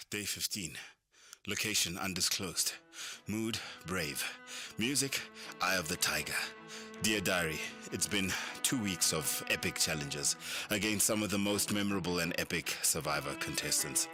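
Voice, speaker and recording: A man's voice: low voice, measured pace, music in the background. An actor playing a boastful male reality-show contestant recording a mock-dramatic diary in a comic ad. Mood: mock-serious. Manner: mock-dramatic, self-important.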